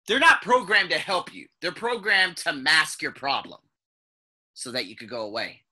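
A man with a piercing, tense and very bright voice and a husky edge tells a personal story to the camera. He speaks casually and with animation, swears freely, and now and then imitates sounds. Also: on the high side, animated, normal speed. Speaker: vlogger.

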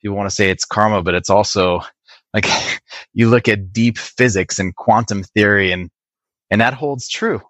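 A man speaking as a podcast guest, earnest and halting, with many restarts. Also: lowish voice, fairly bright tone, no room sound. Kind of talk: podcast interview.

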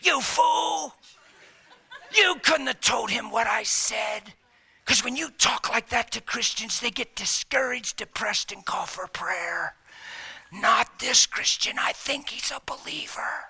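A man's voice: very high-pitched, a little slow, gravelly, pushed and bright, husky, pitched above the performer's own voice, full character voice. A man voicing a scheming male devil who bosses his demons, grumbling and barking orders. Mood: furious.

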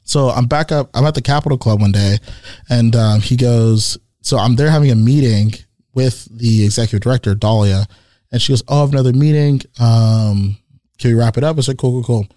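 Man telling a lively story. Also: mid-range voice, brisk, dry recording, studio quality. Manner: animated anecdote-teller, laughs often, heavy use of "like". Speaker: guest. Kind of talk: casual storytelling chat.

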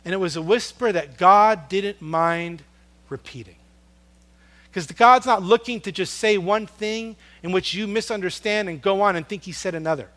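A man preaching a sermon, earnest and storytelling, swinging from loud emphasis down to a hush on soft words. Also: sits high, normal speed. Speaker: pastor.

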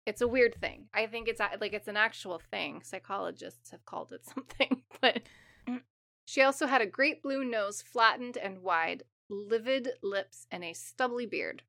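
A woman's voice: mid-range voice, normal speed, creaky, sharp tone, no room sound. A woman co-hosting a podcast, reading old folk tales aloud with giggly asides. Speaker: podcast co-host. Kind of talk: casual storytelling chat.

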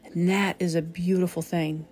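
A woman hosting a reflective spoken talk as a medium, gentle and pausing to search for the right words. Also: on the low side, flat delivery, faint music behind. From southern New England. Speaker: psychic medium, host.

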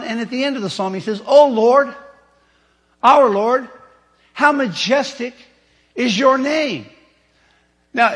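A male pastor delivering a sermon, explaining scripture with animated, teaching emphasis and spoken demonstrations. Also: high voice, in a large hall. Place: church sanctuary.

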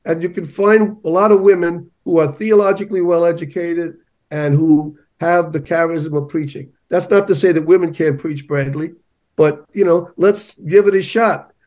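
Emphatic man with a higher voice. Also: steady tone, moderate pace, darkish tone. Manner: emphatic, storytelling. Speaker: journalist guest. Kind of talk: conversational interview.

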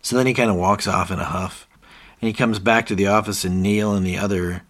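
A man's voice: lowish voice, fairly even intonation, a little fast, a bit bright. A man co-hosting a podcast, casually retelling TV scenes and quoting characters. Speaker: podcast co-host. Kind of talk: casual recap chat.

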